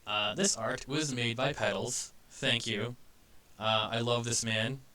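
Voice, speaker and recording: A man narrating a tabletop game as game master, halting with frequent fillers and restarts. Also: medium pitch, fairly even intonation, pushed and bright.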